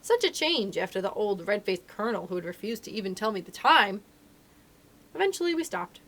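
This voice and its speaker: A woman reading a children's novel aloud for a library storytime, with expressive, animated storytelling. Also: mid-range voice, a little fast, slight background noise.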